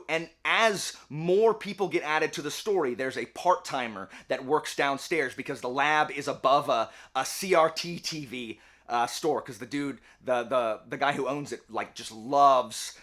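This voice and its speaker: Bright, chatty young man reviewing. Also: a little high. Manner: chatty, many "like" fillers, animated. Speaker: book and game reviewer. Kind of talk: casual spoken review.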